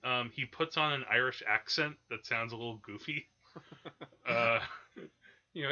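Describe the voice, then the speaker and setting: A man's voice: medium pitch, moderate pace, pauses often, bright, forceful tone, dull audio. A man hosting a podcast, chatting casually about old films with lots of fillers and restarts. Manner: rambling, many fillers and restarts. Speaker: podcast host. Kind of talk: casual film discussion.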